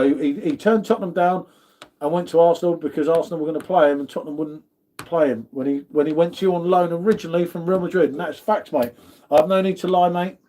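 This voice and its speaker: Chatty man with a mellow voice. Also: high-pitched. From United Kingdom. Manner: chatty, greets viewers, says "mate" a lot. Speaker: livestream host. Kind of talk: casual chat reading viewer comments.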